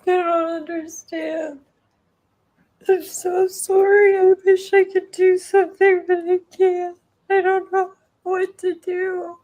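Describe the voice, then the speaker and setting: Very high-voiced woman crying, slow and flat. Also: poor audio. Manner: halting, apologetic, breaking off between words. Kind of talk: tearful personal video message.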